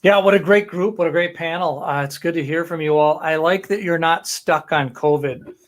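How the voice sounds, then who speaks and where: A man's voice: on the high side, normal speed. A man hosting a real estate panel event, wrapping up and thanking sponsors in an upbeat way. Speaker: event host. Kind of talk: closing remarks at a panel event.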